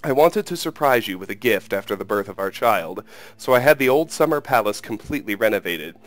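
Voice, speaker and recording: A man's voice: lowish voice, lively intonation, brisk, no echo, lightly acted. A man reading aloud who voices an aging, grief-stricken king in a sad, heavy delivery. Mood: grieving.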